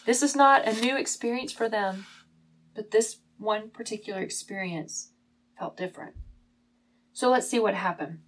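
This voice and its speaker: A woman teaching a Bible lesson as a sermon, telling the story dramatically, at times hushed and at times emphatic. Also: medium pitch, normal speed, rough recording.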